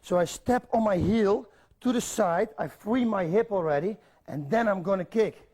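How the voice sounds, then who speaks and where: Middle-aged man w a high voice coaching kicks on tape, short direct commands, counts em out. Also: moderate pace, darkish tone. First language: Dutch. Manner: direct coaching, counts steps, repeats cues. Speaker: martial arts instructor. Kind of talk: instructional video demonstration. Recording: instructional videotape.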